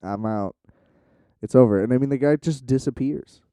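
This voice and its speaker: A man's voice: mid-range voice, fast talker, warm tone, no room sound, clean studio sound. A man hosting his own podcast, rambling casually with plenty of fillers and swearing. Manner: rambling, profane, lots of fillers; self-described shy. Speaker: podcast host. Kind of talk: casual solo podcast monologue.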